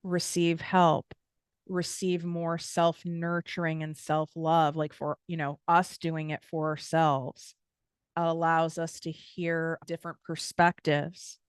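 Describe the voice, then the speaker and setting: A woman's voice: low-pitched, level tone, slow, smooth, no room sound, studio quality. A woman with an American accent hosting a podcast, giving a blunt, casual motivational talk full of swearing and tangents. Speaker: podcast host and business coach.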